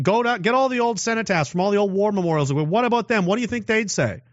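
A man's voice: high voice, expressive, fast, dry recording. A man giving a political commentary monologue, rambling with restarts and rhetorical questions. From Canada. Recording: dull, dry lo-fi sound.

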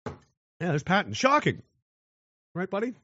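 Host, male, high bright voice, profane combative rant, shouts often, dull dry lo-fi recording. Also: wildly swooping pitch, a little slow, dry recording.

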